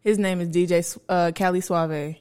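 A woman's voice: lowish voice, fairly even intonation, moderate pace, a little mellow, clean tone. A young woman, a DJ guest telling stories in a laid-back, slangy way on a podcast. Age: young adult. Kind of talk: casual podcast chat.

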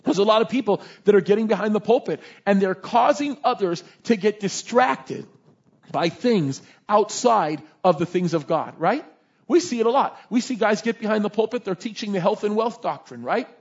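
A male pastor preaching a sermon in an animated, conversational storytelling manner. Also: sits high, moderate pace, breathy edge. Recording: dull lo-fi recording.

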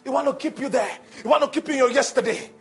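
A male preacher delivering a call-and-response sermon that builds to shouting. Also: extremely high pitch, fast, breathy edge, soft background music.

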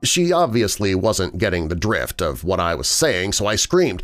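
A man narrating a scripted horror story in a lively, swooping delivery. His voice sits in a middle register and tells the tale dramatically. Faint music plays underneath. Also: low-pitched, moderate pace, few pauses. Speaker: podcast host and narrator. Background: faint background music.

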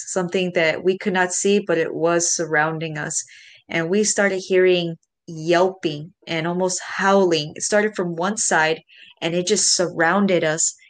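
A woman telling a story in casual chat, animated, swearing and speaking straight to the listeners. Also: fairly low pitch.

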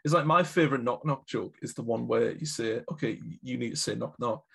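A man's voice: mid-range voice, brisk, creaky, slightly rough. A man chatting casually about films on a podcast, joking and laughing often. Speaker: podcast co-host. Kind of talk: casual film chat.

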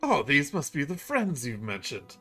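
A man voicing a doting male minotaur warrior father who speaks slowly and effusively. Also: fairly high pitch, huge pitch swings, pushed and bright, faint music behind, voice pushed up, heavily acted. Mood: proud.

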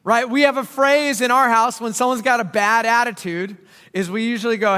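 A man delivers a sermon in a chatty, humorous way, swinging between hushed asides and loud stretches. His voice sits high with a bright ring, and the sound carries a long reverb from a large church hall. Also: steady tone, normal speed. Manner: conversational, joking preacher with dramatic swings in loudness. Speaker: pastor. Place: church auditorium.

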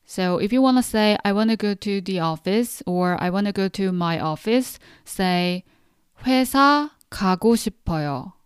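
Very smooth-voiced woman teaching patiently. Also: medium pitch, a little mellow, dry recording, clean studio sound. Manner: patient, encouraging, pronounces words slowly for repetition. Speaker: Korean language teacher. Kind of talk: podcast language lesson.

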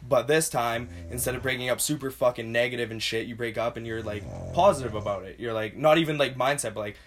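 A man co-hosting a casual podcast chat, talking loosely with plenty of swearing and asides that trail off quietly. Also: mid-range voice, fast, soft background music. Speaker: podcast co-host.

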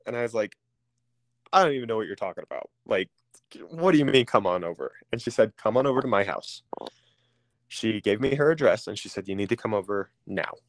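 A man candidly telling a personal story as an interview guest, pausing often with ums and restarting phrases. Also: fairly low pitch, lively intonation, no room sound. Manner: halting, with frequent ums and restarts.

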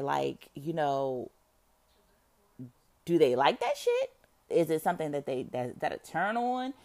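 A woman with a low-pitched voice that leaps around with lively, animated swings. She rambles through a casual monologue to her viewers, full of fillers and free swearing, dropping to a murmur and then rising to loud bursts. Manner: rambling, musing, swears freely, many fillers. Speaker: vlogger.

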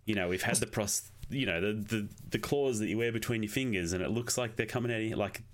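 A man giving measured, critical comments in a casual film review chat. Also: on the low side. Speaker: podcast co-host.

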